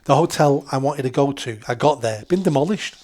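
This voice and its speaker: A man's voice: mid-range voice, fairly quick, darkish tone. A man, a podcast guest telling travel anecdotes in casual chat and laughing at his own stories. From England.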